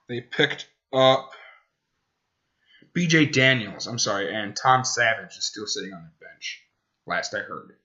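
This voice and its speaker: Man, podcast host, rambling sports chat, bright forceful tone, muffled lo-fi sound. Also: mid-range voice. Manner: rambling, self-correcting, talks to his dog. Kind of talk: casual sports talk.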